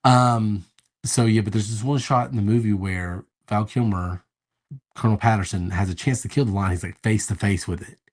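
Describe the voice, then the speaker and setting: A man's voice: lowish voice, moderate pace, darkish tone. A man co-hosting a podcast, chatting loosely about a movie in a laid-back, rambling way with casual swearing. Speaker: podcast co-host. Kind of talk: casual movie review chat.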